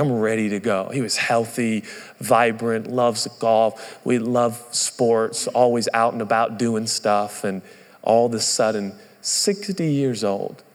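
A man in his thirties preaching a sermon, earnest and conversational, telling stories. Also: on the low side. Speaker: pastor. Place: church auditorium. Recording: long reverb of a large hall.

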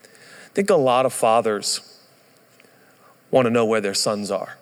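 A man's voice: lowish voice, measured pace, clear, resonant tone. Earnest man preaching in a reverberant hall. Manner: earnest, conversational storytelling. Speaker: pastor. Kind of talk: sermon. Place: church auditorium. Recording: long reverb of a large hall.

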